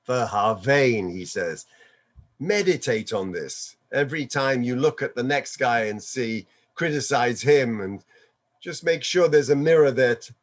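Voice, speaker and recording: A man giving a Torah sermon as a rabbi, weaving in Hebrew quotations and chuckling often as he explains. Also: mid-range voice.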